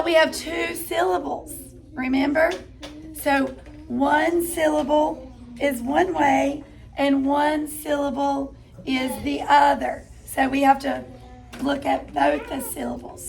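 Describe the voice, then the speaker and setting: Slow, encouraging woman teacher, high voice. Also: vocal fry. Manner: slow, encouraging, calls out steps to children. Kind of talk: classroom phonics lesson. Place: classroom.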